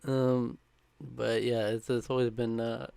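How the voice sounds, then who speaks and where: A man's voice: medium pitch, flat delivery, vocal fry, crowd noise. A man co-hosting a podcast, reading a countdown script with a chuckle now and then, mixed with casual chat. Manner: brisk, chuckling between lines.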